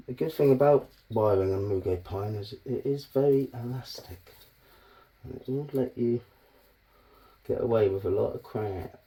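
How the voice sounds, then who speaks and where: Man, gravelly, dark-toned, unhurried, cheeky self-talk, swearing, bonsai vlog. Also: medium pitch. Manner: argues with himself, swears freely, cheeky. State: out of breath. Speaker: bonsai hobby vlogger. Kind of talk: casual self-talk while working.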